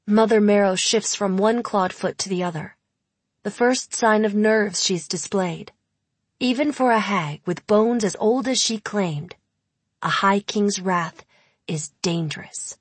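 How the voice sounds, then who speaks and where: Slow breathy woman narrating a story. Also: mid-range voice, dry recording. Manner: measured, intimate storytelling. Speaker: audiobook narrator. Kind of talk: first-person audiobook narration.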